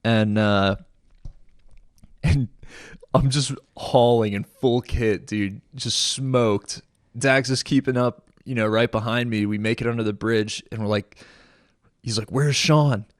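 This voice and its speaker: A man and military veteran, telling war stories in an animated, slangy way with frequent laughter. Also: mid-range voice, slow pace, no room sound, clean studio sound. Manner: animated storyteller, slang like "dude", laughs a lot. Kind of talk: casual podcast storytelling.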